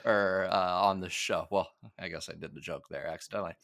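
A man's voice: deep voice, fairly even intonation, fairly quick, fairly bright tone, no echo, studio quality. A young man co-hosting a podcast, recapping a TV episode in casual, rambling chat with many fillers and frequent laughs. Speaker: podcast co-host.

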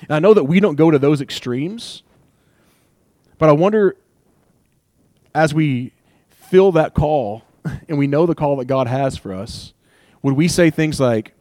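Young male pastor, casual sermon, animated and chatty, dry close sound. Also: fairly high pitch, a little slow, long pauses, no room sound. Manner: conversational, animated preaching with laughs and acted asides.

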